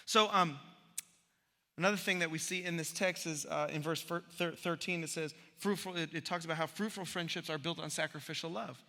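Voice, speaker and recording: A man preaching a sermon as pastor, conversational and humorous, an animated storyteller who acts out voices, recorded live in a church sanctuary. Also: fairly high pitch, a little fast. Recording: long church hall reverb from a live sermon.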